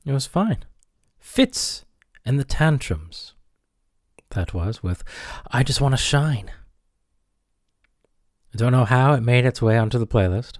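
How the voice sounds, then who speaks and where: A man's voice: mid-range voice, expressive, a little slow, pauses often, dry recording, clean studio sound. A man hosting a radio show, rambling and self-deprecating in comic banter with his listeners. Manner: self-deprecating, chatty, talks to the audience.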